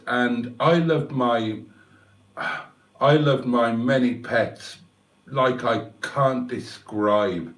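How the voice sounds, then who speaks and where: An older man, hosting a casual livestream and rambling emotionally, swearing freely. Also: mid-range voice. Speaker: livestream host. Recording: echoey room.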